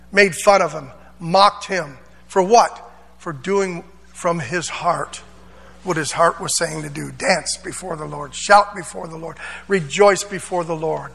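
A man's voice: fairly high pitch, creaky, a bit bright, long reverb tail. A man pastor preaching a sermon, dramatic, acting out voices and drawing amens. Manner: preaching with call-and-response amens; dramatic, acts out voices of Bible figures.

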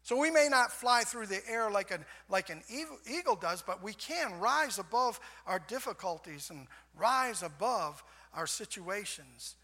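An older man preaching a sermon in a folksy way, repeating "amen" and swinging from soft passages to shouts. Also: high-pitched, animated, a little slow, hardly any pauses. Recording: long hall reverb.

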